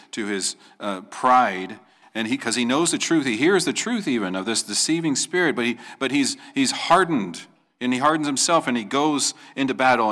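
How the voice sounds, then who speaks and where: A man's voice: fairly low pitch, sharp tone. A man preaching an earnest sermon as a pastor, rising to emphatic questions and acting out quoted voices as he tells the story.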